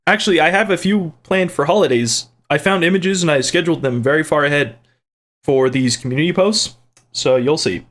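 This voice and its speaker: Guy reading his viewers' comments, kinda high voice, rambly and jokey. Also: fairly quick, fairly bright tone. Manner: rambling and playful, with restarts and side jokes. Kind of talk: casual chat.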